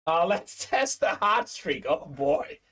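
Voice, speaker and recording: A man hosting a live sports card break stream, excitedly hyping up buyers and reading chat messages aloud. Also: high-pitched, slow pace. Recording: distant mic.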